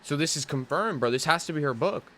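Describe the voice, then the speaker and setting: A man chiming in casually during a live reaction stream, saying "bro" and reacting quickly. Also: on the high side, lively intonation, a bit bright, slight background noise. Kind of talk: casual chat.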